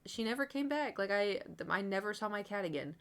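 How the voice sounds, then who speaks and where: A woman's voice: mid-range voice, expressive, quick pace. A young woman streamer from the United States chatting casually, telling a long rambling story with many asides to her chat.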